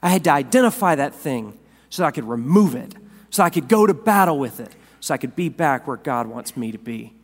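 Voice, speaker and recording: A man preaching a sermon as pastor, swinging from loud, raised lines down to quiet, soft ones. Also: on the high side, animated, a little fast. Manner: dynamic preacher, rising loud then dropping soft. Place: church sanctuary. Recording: long hall reverb.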